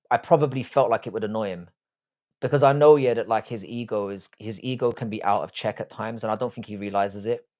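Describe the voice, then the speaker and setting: An Irish man hosts a live stream in a mid-range, slightly mellow voice, chatting casually and reading out viewer comments. He is blunt, swears freely, and has a self-deprecating edge.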